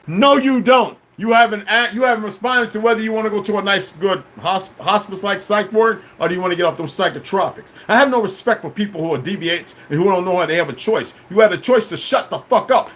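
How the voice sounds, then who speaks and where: High-voiced man in a cursing livestream rant. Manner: confrontational, cursing, shifts between shouting and low muttering. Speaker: livestreamer answering chat.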